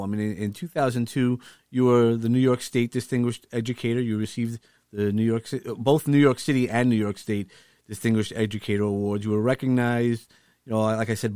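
A man's voice: medium pitch, darkish tone, no echo, clean studio sound. A man hosting an interview, introducing his guest with hesitant restarts and fillers. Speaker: interview host.

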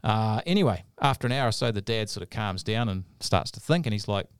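A man's voice: on the low side, lively intonation, brisk, clear, resonant tone. A man co-hosting a podcast, telling a story in a rambling, casual way with many fillers. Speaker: podcast co-host.

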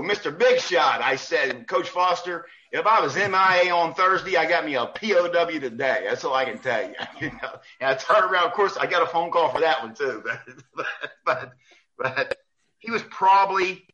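A man, a basketball referee, telling a story in a casual, animated way and acting out the people he quotes. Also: mid-range voice, highs cut off. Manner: animated, acts out quoted coaches.

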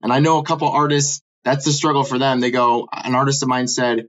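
A man who is a rapper, talking in a relaxed way with plenty of filler phrases in a casual group discussion. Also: mid-range voice, fast, hardly any pauses. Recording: dull, lo-fi sound.

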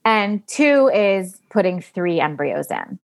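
A woman in her late thirties, appearing as a guest, tells a candid personal story, animatedly acting out what other people said and swearing casually. She speaks slowly in a lowish, gravelly voice.

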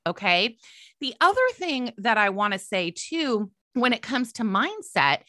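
A woman coach and podcast host giving an animated motivational talk, emphatic and repeating her phrases. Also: a little high, no echo, studio quality.

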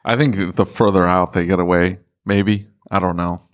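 A man's voice: low voice, steady tone, normal speed. A man co-hosting a podcast, making teasing remarks in casual chat. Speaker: podcast co-host.

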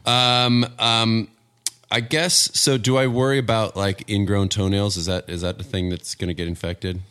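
Deep-voiced, wry male guest. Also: moderate pace, clean tone. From Northern California. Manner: wry, deadpan jokes, self-mocking. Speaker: podcast guest. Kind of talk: casual comedic chat.

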